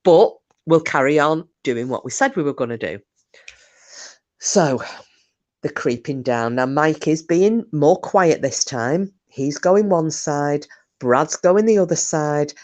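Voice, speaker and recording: A woman's voice: low voice, expressive, slow, darkish tone. A woman casually telling a spooky story on a live stream, chatty and swearing, speaking to viewers.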